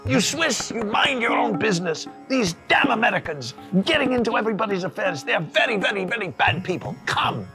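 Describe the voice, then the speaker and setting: A man voicing a group of excited local men, emphatic and scornful of Americans. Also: high-pitched, fairly quick, hardly any pauses, over music, voice pushed up. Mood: boisterous.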